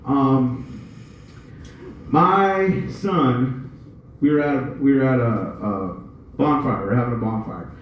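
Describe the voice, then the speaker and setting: A man's voice: mid-range voice, slow pace, a little hiss or hum. Brief: cussing stand-up man, rambling delivery, echoey and dull far-off sound. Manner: rambling, profane, loose storytelling. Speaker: stand-up comedian. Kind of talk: stand-up comedy set.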